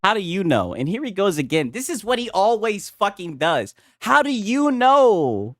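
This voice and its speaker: A man's voice: sits high, sing-song, brisk, no room sound. Crude, mocking male streamer, dry close mic. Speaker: streamer host. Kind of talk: casual reaction stream.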